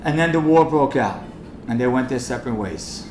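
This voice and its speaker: A rabbi telling a story and then pleading passionately with the room at a fundraising event. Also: male voice, medium pitch, expressive, moderate pace, darkish tone. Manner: impassioned, rising to urgent pleading. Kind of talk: storytelling speech and charity appeal. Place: event hall. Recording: echoey hall with faint noise.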